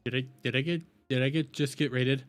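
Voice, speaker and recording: A man from the United States, a live streamer, ranting furiously, swearing often, shouting and repeating himself. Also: medium pitch, steady tone, a little fast, faint music behind. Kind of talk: angry live-stream rant.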